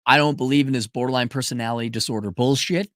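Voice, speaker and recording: A middle-aged man talks fast on his livestream, answering viewers bluntly and profanely with strong emphasis and animated shifts in pitch. The audio is studio quality with no echo.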